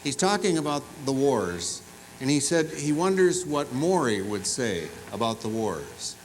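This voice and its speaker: A man's voice: medium pitch, measured pace, a little hiss or hum, poor audio. A man giving a commencement address in a large university fieldhouse, telling humorous stories and teasing the audience. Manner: animated, humorous storytelling with audience asides. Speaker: commencement speaker.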